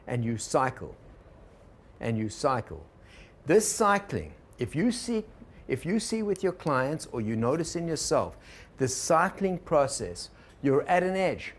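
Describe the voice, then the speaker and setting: A man teaching a workshop to a live group, relaxed and digressive, often turning to the audience with questions. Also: a little high, measured pace. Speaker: organizational consultant teaching a workshop.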